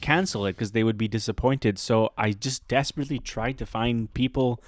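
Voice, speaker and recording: Animated man telling a story, dry sound. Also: mid-range voice, normal speed, no echo. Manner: animated, laughs often, acts out quoted voices. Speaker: podcast host; teacher. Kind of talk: casual storytelling chat.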